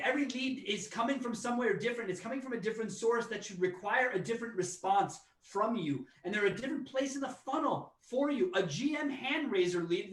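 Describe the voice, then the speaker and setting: Male podcast host, high voice, blunt and conversational; roomy sound, distant mic. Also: a bit bright.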